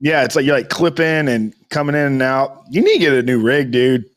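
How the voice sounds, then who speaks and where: A man's voice: medium pitch, expressive, fairly quick. A young man co-hosting a casual podcast in a loose, teasing way, throwing in "dude" and "y'all". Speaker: podcast co-host. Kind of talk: casual chat.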